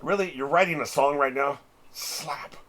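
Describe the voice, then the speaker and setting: Husky male voice, middle-aged, lively up-and-down delivery, loose and profane, laughs a lot. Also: medium pitch, moderate pace. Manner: chatty, swears freely, laughs often. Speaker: reaction channel host. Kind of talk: casual reaction commentary.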